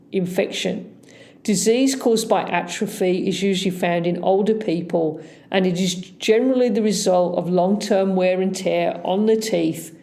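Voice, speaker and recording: Aussie lady dentist lecturing, warm low-key tone, slow and firm, stresses the big words. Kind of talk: health explainer.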